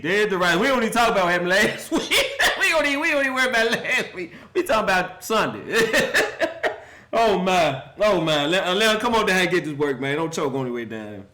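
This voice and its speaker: Laughing, mocking man ranting about football. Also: high-pitched. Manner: laughs often, mocking and animated. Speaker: football commentary vlogger. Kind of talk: casual sports rant.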